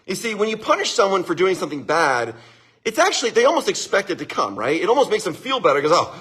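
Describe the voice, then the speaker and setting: Animated husky-voiced man giving advice. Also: high voice, fast talker. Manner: animated, frequent chuckles, keeps checking in with listeners. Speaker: livestream host giving marriage advice. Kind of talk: casual advice talk to a live audience.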